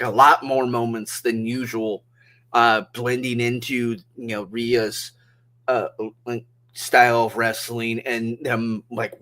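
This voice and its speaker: A man co-hosting a wrestling review podcast in casual chat, excitable, laughing often and restarting his sentences. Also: medium pitch. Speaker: podcast co-host.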